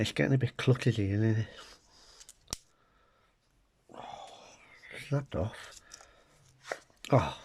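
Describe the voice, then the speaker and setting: A man's voice: a little high, creaky, a little hiss or hum. A middle-aged man from Britain chatting casually to camera while taste-testing food, with wry, muttered asides to his viewers. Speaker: food vlogger. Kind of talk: casual comic taste-test chat to camera.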